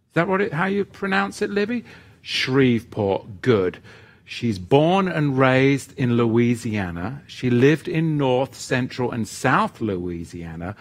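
A middle-aged man from England whose accent has drifted toward American, hosting a live stream where he reads out viewer comments and answers them in a loose, rambling way. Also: medium pitch. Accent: mid-Atlantic mix of English and American. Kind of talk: casual live chat.

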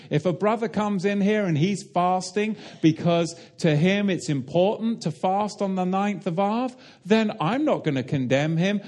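A man's voice: fairly high pitch, darkish tone. A man preaching a sermon, emphatic and direct, asking the listeners rhetorical questions and explaining Hebrew and Greek terms.

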